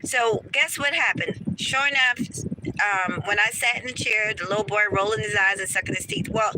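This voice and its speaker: A woman's voice: a little high, heavy background noise. A woman dental hygienist ranting to her viewers in a casual vlog, emphatic and preachy, talking straight to the camera.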